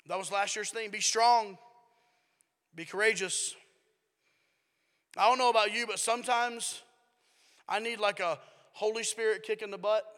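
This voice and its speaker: A man pastor preaching a sermon in a church, emphatic and dropping to a hush at times. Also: sits high, in a large hall. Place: church sanctuary.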